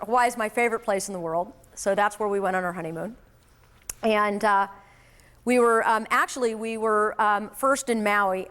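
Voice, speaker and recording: A woman giving a motivational sales talk to an audience, telling a lively personal story in a conversational way. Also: mid-range voice. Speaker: sales trainer.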